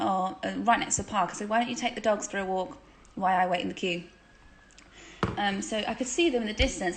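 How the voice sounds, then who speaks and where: A young woman in her twenties, co-hosting a casual phone live stream, chatty and giggly as she reads out viewer comments. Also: medium pitch. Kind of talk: casual chat.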